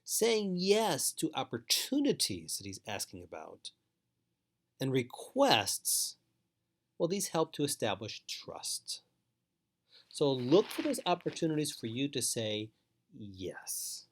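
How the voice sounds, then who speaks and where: Male trainer, mid-pitched, measured and emphatic, repeats advice for parents. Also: wildly swooping pitch. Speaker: foster care trainer. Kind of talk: instructional talk to parents.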